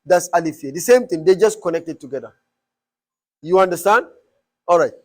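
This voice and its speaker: A man's voice: high-pitched, animated, brisk. A man teaching a class, explaining step by step and quizzing students with repeated questions. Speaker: Arabic teacher.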